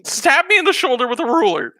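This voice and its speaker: A man's voice: very high voice, big pitch swings, fast talker, bright, forceful tone, no room sound, voice pushed up, full character voice. A man voicing a beaten-up young schoolboy who whines and pleads his story. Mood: whiny. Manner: whiny, breathless pleading.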